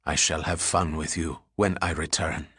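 A man voicing a cruel male gunman who speaks in a low, hissing menace in an audiobook reading. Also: little pitch movement, slow, a bit bright, breathy edge, full character voice. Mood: menacing.

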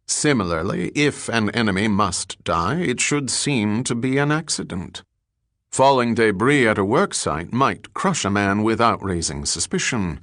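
A man voicing a suave, superior English spy who speaks in a clipped, measured way. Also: fairly low pitch, fairly bright tone, no room sound, clean studio sound, full character voice.

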